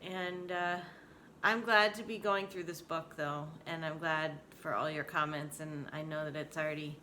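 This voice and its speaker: A woman in her forties talks openly to the camera at home in a casual vlog. Her voice sits a bit low but sounds bright and crisp, and her manner is candid and emotional. A faint hiss sits behind her. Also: fairly even intonation, normal speed. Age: 40s. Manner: candid, emotional, laughing often. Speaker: vlogger. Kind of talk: casual personal vlog talk.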